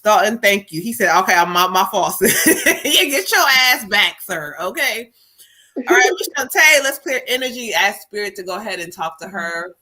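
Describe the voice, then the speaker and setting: A woman's voice: medium pitch, very animated, moderate pace, sharp tone, a little hiss or hum. A woman medium giving spirit readings on a live stream, emotional and profane. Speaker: psychic medium.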